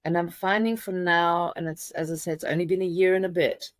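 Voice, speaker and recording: A middle-aged woman telling a personal story as an interview guest, halting with many restarts. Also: on the low side, steady tone, dry recording.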